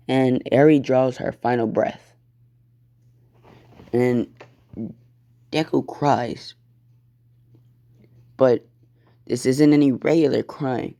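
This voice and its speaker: A man's voice: medium pitch, vocal fry, darkish tone. A man casually narrating an improvised fan story, swearing often and acting out the lines. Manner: casual, swears a lot, acts out quotes.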